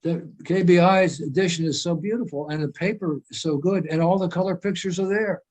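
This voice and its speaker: A man's voice: sits high, fairly even intonation, fairly quick, a little mellow, rough recording. An older man talking over a video call as a guest speaker, earnest and emphatic, wandering through thoughts with frequent restarts. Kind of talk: conversational video-call talk.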